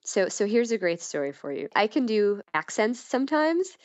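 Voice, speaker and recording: A woman's voice: mid-range voice, very animated, normal speed, no echo, muffled recording. A woman guest in a casual podcast chat, talking candidly and playfully, with frequent laughs and restarts.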